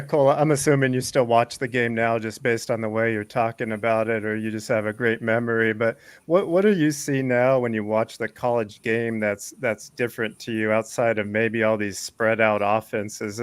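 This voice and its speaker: A man co-hosting a sports talk show, asking a guest a long question in a measured, thoughtful way. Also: fairly low pitch, clean tone, no room sound. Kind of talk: interview question.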